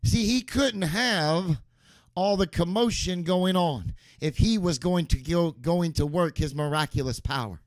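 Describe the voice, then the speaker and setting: A man's voice: on the high side, unhurried, dry recording. A man preaching a sermon as pastor, emphatic and repeating key phrases for stress.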